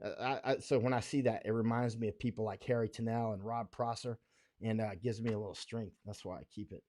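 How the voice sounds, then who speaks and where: A man's voice: on the low side, fairly even intonation, fairly quick, warm tone, dry recording. An American man hosting a casual livestream, rambling in a folksy way, often laughing between thoughts. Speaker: livestream host.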